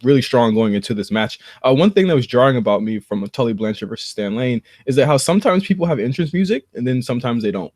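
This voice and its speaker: Laid-back young man, lively pitch. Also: fast talker, few pauses, no room sound, clean studio sound. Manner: laid-back, says "dude" and "bro". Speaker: podcast co-host. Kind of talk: casual chat reviewing old wrestling shows.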